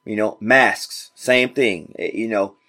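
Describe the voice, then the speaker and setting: A slow, sharp-toned man with a fairly low pitch hosts a motivational podcast. He speaks casually and preaches right to his listeners, hammering points home through repetition, with informal grammar throughout.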